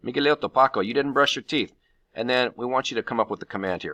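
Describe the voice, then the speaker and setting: Bright-toned male Spanish teacher. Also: mid-range voice, fast talker, no room sound. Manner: patient, step-by-step explaining. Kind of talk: classroom grammar lesson.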